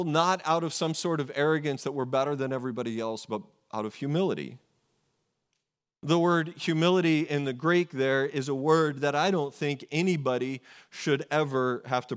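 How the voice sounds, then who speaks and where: A man preaching a sermon in a conversational way, often asking rhetorical questions and correcting himself. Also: fairly high pitch. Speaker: pastor.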